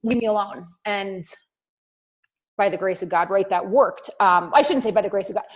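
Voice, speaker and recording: A woman, a guest on a podcast, talking in an animated, quick way in short bursts. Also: medium pitch. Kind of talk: casual podcast conversation.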